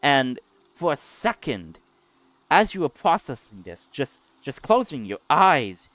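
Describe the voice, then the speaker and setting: A man's voice: medium pitch, sing-song, slow pace, a bit bright, no room sound. A man narrating as game master, describing scenes while searching for words.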